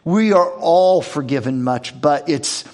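A man's voice: fairly high pitch, takes it slowly, a little mellow. A man preaching a sermon, reading scripture aloud and explaining it in a conversational way with rhetorical questions. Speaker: pastor.

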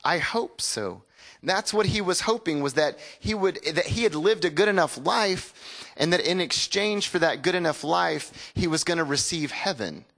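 A man's voice: fairly high pitch, lively intonation, moderate pace, vocal fry, a bit bright. A man, preaching a sermon in a conversational storytelling way and calling on the congregation to repeat words back. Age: 40s. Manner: conversational storytelling with call-and-response. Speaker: pastor.

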